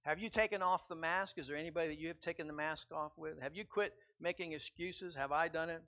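A man preaching a sermon as pastor, building from quiet reflection to loud, emphatic repetition. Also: fairly high pitch, steady tone, fast talker. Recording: dull lo-fi sound.

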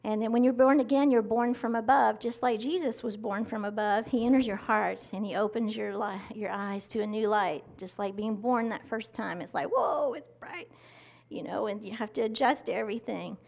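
A woman's voice: medium pitch, fairly even intonation, a little fast, gravelly, few pauses, darkish tone. A woman preaching a conversational sermon, close to the mic, acting out quotes as she teaches. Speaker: pastor. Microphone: mic held close to the mouth.

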